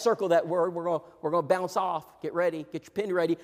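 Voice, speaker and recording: A middle-aged man preaching a sermon, repeating himself, swinging between hushed asides and rousing emphatic bursts. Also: on the high side, fairly even intonation, a little fast. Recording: long reverb in a large hall.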